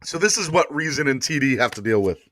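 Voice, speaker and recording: Talking fast in a mid-range voice, this man hosts a laid-back sports podcast stream. He's lively and full of loose slang, pleading with the audience to smash that like button.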